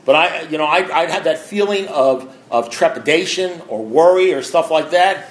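A man's voice: on the high side, lively intonation, moderate pace, echoey room, low-quality recording. A man sharing a personal recovery story with an audience in a blunt, conversational way, acting out the voices of people in it. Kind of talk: candid personal talk to an audience.

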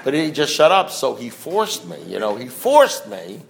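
A man sharing his story at a recovery meeting in a sarcastic, mock-outraged way, with animated storytelling. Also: medium pitch, normal speed, gravelly, a little hiss or hum. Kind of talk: storytelling talk to a group.

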